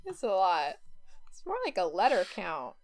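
A woman's voice: mid-range voice, a little mellow. A woman co-hosting a casual podcast chat, reading tweets aloud and laughing often. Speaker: podcast co-host.

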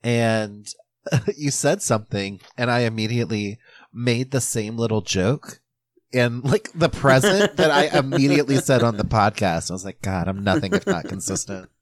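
A man's voice: medium pitch, expressive, normal speed, no echo. A man co-hosting a podcast, chatting casually with dry, joking remarks. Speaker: podcast co-host.

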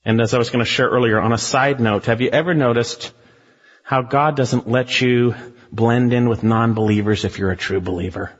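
Husky-voiced preacher in a reverberant hall. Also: male voice, mid-range voice. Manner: emphatic preaching with rhetorical questions, swinging from loud to hushed. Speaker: pastor. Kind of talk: expository sermon. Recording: muffled, reverberant sanctuary recording.

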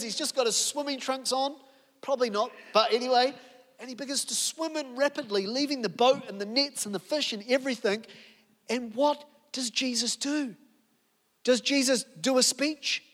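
A New man preaches in a high, light voice, telling the story vividly and peppering it with rhetorical questions. His words ring out with the long reverb of a large hall, as in a church auditorium. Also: a bit bright. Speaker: pastor. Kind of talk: sermon.

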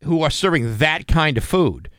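A man's voice: on the high side, animated, moderate pace, a bit bright, no echo, clean studio sound. A man co-hosting a morning radio show, arguing his point in casual chat. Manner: opinionated, argues his point.

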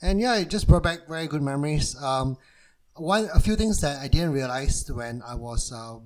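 A man's voice: a little high, expressive, normal speed, rough recording. A man co-hosting a film podcast, chatting casually and laughing often. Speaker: podcast co-host.

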